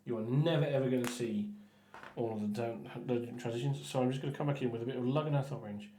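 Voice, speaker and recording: A man chatting casually while painting miniatures on a stream, rambling with stumbling restarts and often trailing off quietly. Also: mid-range voice, quick pace, reverberant, slight background noise. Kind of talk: casual painting livestream chat.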